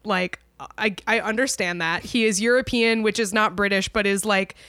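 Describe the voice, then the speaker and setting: A woman's voice: medium pitch, fairly even intonation, normal speed, a bit bright, no room sound, clean studio sound. A woman co-hosting a podcast, chatting casually with many "like" fillers and frequent laughs. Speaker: podcast co-host. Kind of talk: casual chat.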